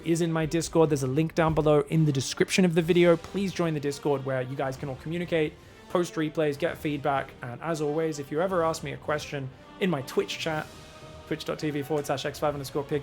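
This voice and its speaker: A man coaching viewers through a game replay, emphatic and animated, sometimes mimicking a panicked inner voice. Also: a little high, brisk, soft background music. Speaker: StarCraft coach. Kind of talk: replay analysis and coaching talk.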